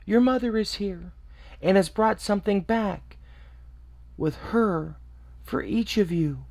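Brief: male reader as a crafty wolf, high sugary disguise voice, dry close sound. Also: takes it slowly, creaky, darkish tone, no room sound, full character voice. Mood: coaxing. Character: sly male wolf faking a mother's voice.

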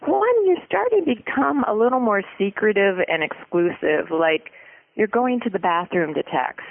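A guest expert giving relationship advice in an interview, explaining in an earnest, steady way. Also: mid-range voice, normal speed, gravelly, no room sound. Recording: tinny phone-like line.

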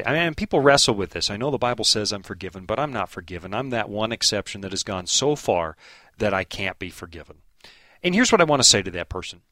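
A man's voice: medium pitch, fairly bright tone, no echo. A man answering listener questions in a preaching style, earnest and emphatic, quoting scripture and telling stories.

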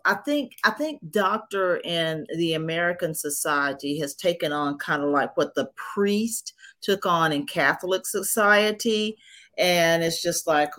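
A woman's voice: low-pitched, a bit bright. A woman hosting a podcast interview, reacting with exclamations and reflecting on her guest's story. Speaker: podcast host. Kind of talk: casual interview.

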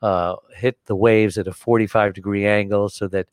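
An older American man telling stories as an interview guest, animated and acting out the dialogue in voices. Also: fairly low pitch, normal speed, smooth, no echo, studio quality. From United States. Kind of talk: casual storytelling.

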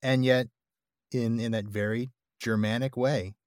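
A man's voice: mid-range voice, steady tone, measured pace, a little mellow, no echo, studio quality. Chatty man explaining with enthusiasm. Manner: enthusiastic and explanatory, with filler words. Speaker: podcast co-host. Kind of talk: casual discussion.

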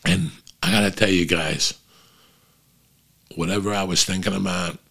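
A middle-aged man hosting a show, telling a story in casual, profane, animated chat to his listeners. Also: low voice, moderate pace, gravelly, slightly rough. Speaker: podcast host.

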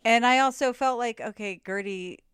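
A woman's voice: on the high side, moderate pace, a bit bright, clear, resonant tone, dry recording, clean studio sound. A woman guest on a podcast, talking through reality TV scenes in a thoughtful, rambling way with wry asides. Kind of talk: casual recap chat.

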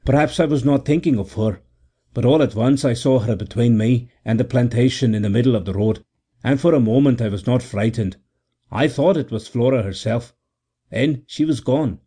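A tall young forester in a storybook reading, voiced by a man, speaking slowly and quietly, a little hesitant. The voice stays close to the reader's own, warm and mellow. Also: mid-range voice, husky, natural voice. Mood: solemn. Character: tall young Highland forester, shaken and solemn.

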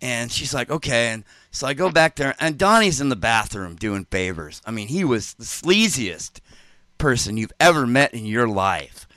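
Rambling, bright-voiced male storyteller. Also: mid-range voice, sing-song, moderate pace, dry recording. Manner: rambling, full of "like" and "you know". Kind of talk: casual anecdote.

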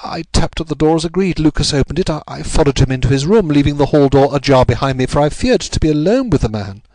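Frightened noblewoman confessing, read by a man in a slightly raised pitch, earnest and measured, dry studio sound. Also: animated, mellow, dry recording. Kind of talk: audiobook reading of a classic story.

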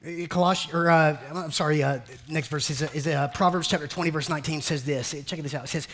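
A male pastor preaching a sermon, animated, often acting out a complaining believer and calling the congregation family. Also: fairly high pitch, brisk, few pauses. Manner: addresses congregation as family and beloved.

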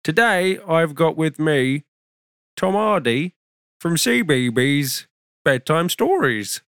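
A man's voice: on the high side, big pitch swings, slow, fairly bright tone, smooth, no room sound, studio quality, exaggerated voice. A man playing a blunt, constantly swearing show host in a comedy sketch. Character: foul-mouthed British hat-testing show host.

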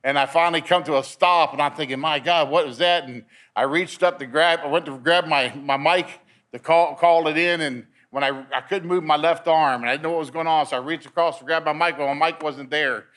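A man's voice: on the high side, fairly even intonation, brisk, fairly bright tone. A man giving a personal testimony at a men's meeting, telling his story in a storytelling way and repeating words as he gets caught up in it.

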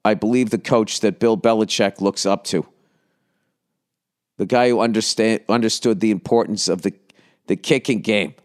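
A man's voice: fairly low pitch, steady tone, moderate pace, long pauses. A man hosting a comedy podcast, rambling through profane asides with mock outrage in a casual rant.

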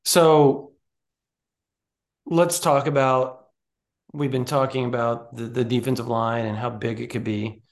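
Man, gravelly voice, mid pitch, rambling sports podcast talk, animated. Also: measured pace, pauses often. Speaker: recruiting podcast co-host. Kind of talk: casual sports chat.

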